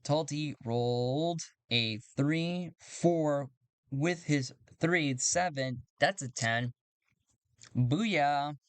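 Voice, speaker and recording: A man narrating a solo tabletop game, thinking aloud and getting excited over dice rolls. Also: a little high, extremely slow, clear, resonant tone, dry recording. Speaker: solo game player and game master.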